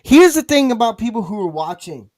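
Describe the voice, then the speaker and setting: Brief: high-pitched male podcast host, dry close sound, teasing and crude. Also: very animated, fairly quick, no echo. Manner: crude, teasing banter with loud laughs. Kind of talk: casual chat.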